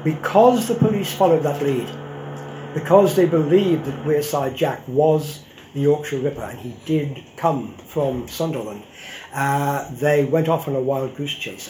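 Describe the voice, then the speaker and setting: A man's voice: fairly high pitch, unhurried, dark tone, a little hiss or hum. An older man, a historian, giving a public lecture in a wry, conversational way with frequent ums and asides. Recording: roomy hall echo.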